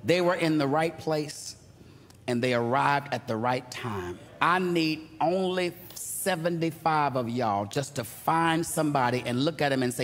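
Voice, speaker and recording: A male pastor preaching a sermon, emphatic and rising to shouts with call-and-response to the congregation. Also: fairly high pitch, measured pace, slight background noise. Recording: reverberant hall, faint ambience.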